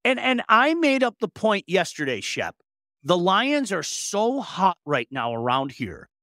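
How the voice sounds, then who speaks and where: Middle-aged male co-host, animated and joking, lively pitch, dry close mic. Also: a little slow, no room sound. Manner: animated, joking, frequent restarts. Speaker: co-host of sports talk show. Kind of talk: casual sports radio chat.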